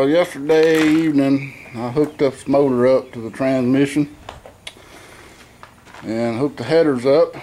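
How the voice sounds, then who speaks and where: In his home garage, a vlogger with a mellow, mid-range voice gives an easygoing walkthrough of installing an engine, a faint hum in the audio. He talks plainly and rambles, using plenty of fillers and stopping to correct himself.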